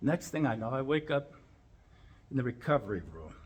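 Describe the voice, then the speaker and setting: A man, a chiropractor, telling a funny personal story as a speech and acting out the lines with big jumps in pitch and volume. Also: big pitch swings, moderate pace, a little hiss or hum.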